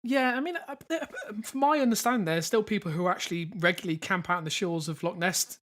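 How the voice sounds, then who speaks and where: A man's voice: high voice, fast, a bit bright. A man co-hosting a casual comedy podcast, dry and sceptical, swearing casually now and then. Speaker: podcast co-host.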